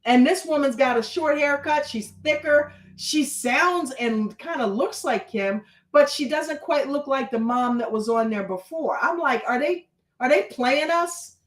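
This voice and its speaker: A woman's voice: high-pitched, unhurried, hardly any pauses, roomy sound, poor audio. A woman hosting a casual reality TV recap, blunt and chatty, swearing freely. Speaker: reaction show host.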